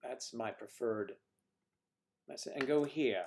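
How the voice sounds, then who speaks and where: Slowly and in a mid-range voice, a northern American man hosts a casual livestream, with a little hiss or hum audible. He's chatty and jokey, reading viewer comments aloud and answering them.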